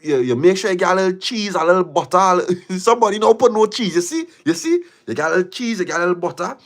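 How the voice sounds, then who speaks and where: A man's voice: sits high, big pitch swings, quick pace. A man hosting a livestream, reading viewer stories aloud and reacting with laughter and repeated phrases. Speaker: livestream host.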